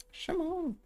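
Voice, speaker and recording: A man hosting a livestream debate show, talking in a brash, hyped and profane way, greeting viewers and questioning guests. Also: darkish tone. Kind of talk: casual livestream chat and debate.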